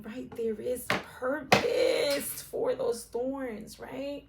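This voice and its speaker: Middle-aged lady doing a slow tarot reading on camera, lots of ums and restarts, swears casually, gets soft and teary. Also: high voice, vocal fry, heavy background noise. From Puerto Rican, raised in Brooklyn and Philadelphia. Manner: rambling and searching, many fillers and restarts, casual cussing. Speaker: tarot reader.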